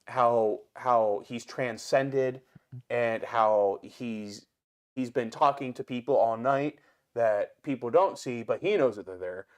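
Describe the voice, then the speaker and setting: A man with an Ohio accent, a restaurant owner and guest, telling stories in an animated, casual way and swearing freely. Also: medium pitch. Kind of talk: casual storytelling.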